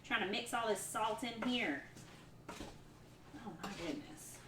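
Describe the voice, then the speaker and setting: A rambling, giggly woman talks with her viewers while she cooks at home. Her voice sits a little high, and loud noise runs under it the whole time. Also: animated, slow pace. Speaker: cooking livestreamer. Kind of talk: casual cooking livestream chat. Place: home kitchen.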